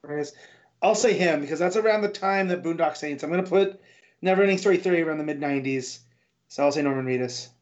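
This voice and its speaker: A man's voice: fairly high pitch, quick pace. A man playing a trivia game on a podcast, chatty and prone to side stories. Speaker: quiz contestant. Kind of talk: casual podcast chat. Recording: dull lo-fi audio.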